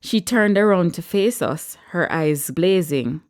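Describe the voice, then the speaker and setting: A woman narrates a story, her voice sitting lower than most. She reads at a measured pace, expressive but steady. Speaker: audiobook narrator. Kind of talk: storybook reading.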